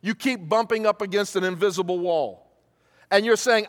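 In a high-pitched voice at normal speed, a pastor delivers a sermon to his congregation, leaning on call-and-response by asking questions the crowd answers and repeating key phrases for emphasis. The sound carries a long hall reverb.

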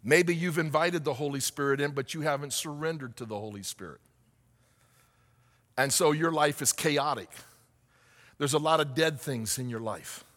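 A man preaching a sermon as pastor, asking the congregation questions and rising to shouts. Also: a little high, moderate pace, pauses often, in a large hall.

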